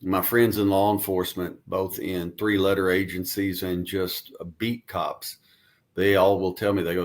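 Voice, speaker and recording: A man's voice: low voice, level tone, moderate pace. A man as the guest on a radio interview, earnestly explaining his views in long runs. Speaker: guest commentator.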